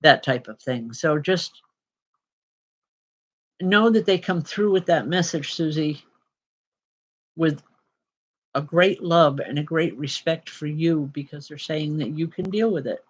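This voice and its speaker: A woman's voice: low voice, measured pace, pauses often, husky. A woman giving live spirit-message readings as host, chatty and apologetic, with frequent ums and an emotional edge. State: emotional at times. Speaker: spiritual medium and show host.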